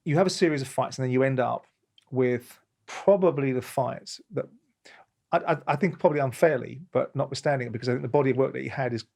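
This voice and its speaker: A man from England hosting an interview, asking chatty questions quickly and agreeing often. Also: mid-range voice, creaky, a little mellow. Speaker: interview host. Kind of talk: conversational interview.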